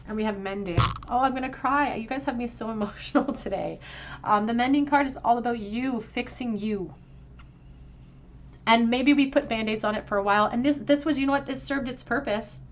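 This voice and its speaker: A woman reads tarot cards aloud and speaks directly to her viewers in a heartfelt, emotional way. She talks around braces in a mid-range voice. A faint noise sits under the recording. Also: mid-range voice. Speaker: tarot reader. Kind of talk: pick-a-card tarot reading.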